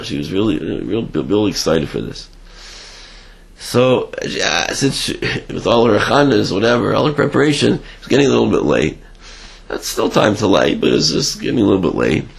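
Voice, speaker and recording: A man with a low, gravelly voice recounts a story. His pitch swings widely as he acts it out, and he stops and restarts often. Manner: halting, many restarts, animated retelling. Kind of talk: religious storytelling talk.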